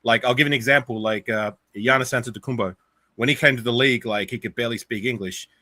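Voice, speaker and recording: A man's voice: medium pitch, fast talker, sharp tone, no echo. A man with an Australian accent, a guest in a casual sports chat, arguing his point and saying "like" often. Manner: argumentative, uses "like" often.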